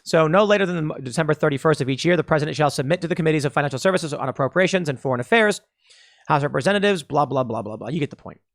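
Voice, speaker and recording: A man's voice: a little high, very fast, dry recording, clean studio sound. A man hosting a solo political commentary show, talking casually and sarcastically while reading through vote lists.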